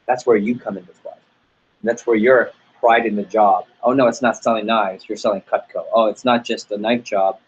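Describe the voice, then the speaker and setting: A man's voice: fairly low pitch, fairly even intonation, normal speed, highs cut off, slight background noise. A man leading a sales team training talk, upbeat and motivational, acting out little dialogues as he goes. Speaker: sales office manager.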